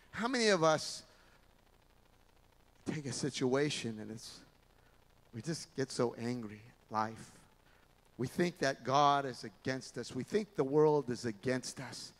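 A man preaching a sermon in a church, telling stories in an animated way. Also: medium pitch. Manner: animated storytelling, acting out voices. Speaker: pastor. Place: large church sanctuary. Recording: long reverb of a large church hall.

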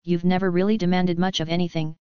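A woman voices a middle-aged werewolf father who sounds puzzled and uneasy. The voice is clean and somewhat low. The recording is dry and dull. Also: little pitch movement, fast talker, clear, resonant tone, dry recording, close to an everyday voice. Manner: puzzled, worried.

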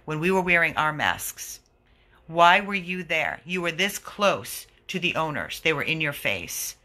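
A man's voice: on the high side, very animated, unhurried, sharp tone. A man who runs an animal rescue, giving an indignant, earnest video update to his followers.

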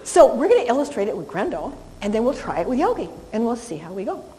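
A woman's voice: fairly high pitch, fast talker, a little hiss or hum. Chatty woman dog trainer in a reverberant hall. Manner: chatty, animated, praises the dog in a soft coo. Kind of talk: live class instruction.

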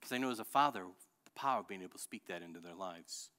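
A middle-aged male pastor preaching a sermon with passion, rising at times to shouting. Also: low voice, lively intonation, quick pace. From Illinois. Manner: impassioned preaching that builds to shouting. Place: church sanctuary.

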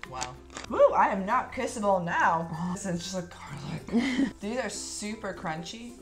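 A woman reviewing snacks in a casual, excitable chat, gushing and bursting into laughs. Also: medium pitch, measured pace, faint music behind.

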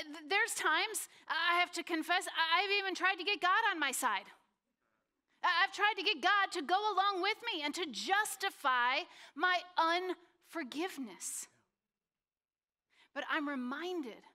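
A woman's voice: extremely high pitch, pushed and bright. A woman pastor sharing a reflective, confessional part of a sermon.

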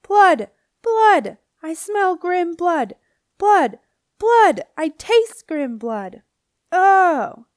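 A woman's voice: sing-song, very slow, no echo, studio quality, exaggerated voice. A woman reading an audiobook, voicing a frenzied witch who shrieks about smelling blood. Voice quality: shrill, frenzied.

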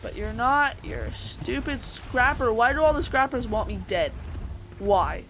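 A woman commentating as she plays a video game, chattering to the enemies and squeaking up high when she panics. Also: a little slow, slight background noise. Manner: excitable, talks to enemies, voice shoots up when panicked. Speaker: gameplay streamer. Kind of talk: let's play commentary.

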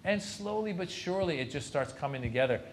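A man's voice: on the high side, lively intonation, quick pace, a little hiss or hum. A man, a comedian, telling anecdotes at a lecture Q&A and acting out other people's lines. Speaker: comedian guest at a university lecture. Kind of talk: storytelling anecdote in a Q&A.

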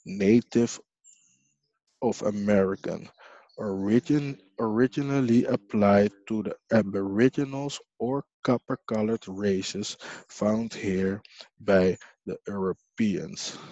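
A man hosting his own video talks slowly in a low, mellow voice. He reads dictionary definitions in a halting, rambling way and keeps apologizing. The recording is dry and dull, with a lo-fi sound. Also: no echo. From Haiti. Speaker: video host. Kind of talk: casual reading of dictionary definitions.

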